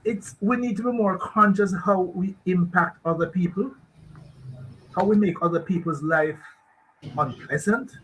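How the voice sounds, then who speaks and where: A man's voice: sits high, unhurried, fairly bright tone, slight background noise, rough recording. A man with a Jamaican accent, a guest expert on a radio talk show, talking emphatically in rambling rhetorical questions.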